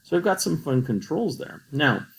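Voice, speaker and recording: A man's voice: a little high, sing-song, normal speed, gravelly, low-quality recording. A man teaching a coding tutorial over a screen recording, patient and explaining each step.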